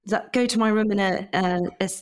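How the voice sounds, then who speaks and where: A woman's voice: medium pitch, fairly even intonation, fast talker, smooth, close to an everyday voice. A woman doing a flustered, eager woman politician.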